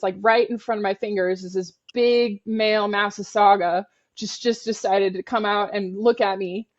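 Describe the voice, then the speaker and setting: A woman co-hosting a podcast, telling her fieldwork stories casually, animated and frank, with free swearing. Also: mid-range voice, dull audio. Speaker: podcast co-host, turtle biologist. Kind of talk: casual storytelling.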